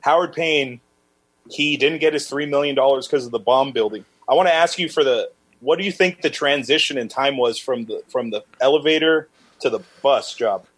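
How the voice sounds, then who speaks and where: A man's voice: medium pitch, normal speed, fairly bright tone, husky, low-quality recording. Male podcast co-host, casual movie chat, mid-range voice, skeptical and questioning. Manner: questioning, picks apart plot logic.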